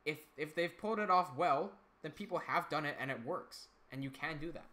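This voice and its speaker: A young man hosts a relaxed livestream in a bright, clear voice. He chats loosely, picks up viewer comments and restarts his sentences as he goes. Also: on the high side, brisk. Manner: chatty, reads out chat comments, frequent restarts. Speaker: livestream host and animator. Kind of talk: casual livestream chat.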